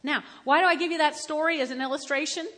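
High-voiced older woman preaching in a hall. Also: steady tone, fast talker. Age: about 70. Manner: storytelling, building to loud emphatic exhortation. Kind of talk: sermon. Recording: echoey hall with long reverb.

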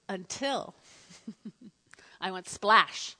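High, bright-voiced woman preaching. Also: slow, breathy edge, in a large hall. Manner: animated, repeats phrases, asks the congregation to respond. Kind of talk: sermon. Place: church sanctuary.

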